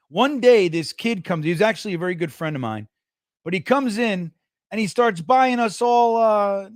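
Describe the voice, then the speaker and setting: A man from New Jersey hosting a casual sports livestream, a loud, excitable storyteller who laughs often. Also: high-pitched, dry recording, clean studio sound. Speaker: podcast host.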